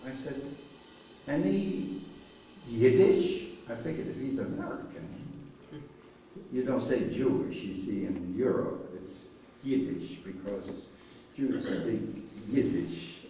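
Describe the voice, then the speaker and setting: An elderly cantor, unhurried as he tells a story and acts out each exchange. His voice carries from well back in a very echoey synagogue hall, with a faint hum of noise underneath. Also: lowish voice, distant mic. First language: Polish. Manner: animated storyteller acting out dialogue. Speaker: cantor giving a memorial talk. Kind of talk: storytelling talk.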